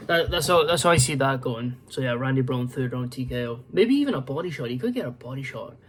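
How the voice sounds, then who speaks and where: A tired, yawning man hosts his own MMA prediction channel, rambling through casual fight picks full of fillers and restarts. His mid-range voice is expressive, and he talks fast.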